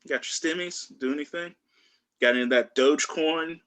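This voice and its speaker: Bright-voiced man doing stand-up. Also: on the high side, brisk. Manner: loose, rambling delivery with many fillers and restarts. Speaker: stand-up comedian. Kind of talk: stand-up set on a video call. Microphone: video call.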